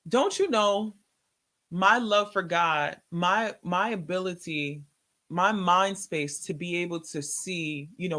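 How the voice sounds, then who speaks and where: A woman's voice: on the low side, slow pace. Woman telling her story all emotional, acts out every line she quotes. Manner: animated, acts out her own and others' words in quotes. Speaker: guest sharing a testimony. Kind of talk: emotional personal testimony.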